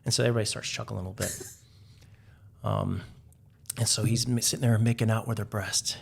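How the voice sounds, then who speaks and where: With a fairly low, creaky and slightly rough voice, a man talks fairly quickly and with fairly even intonation. He's a Navy veteran on a podcast, casually telling stories in an interview with many fillers and occasional chuckles.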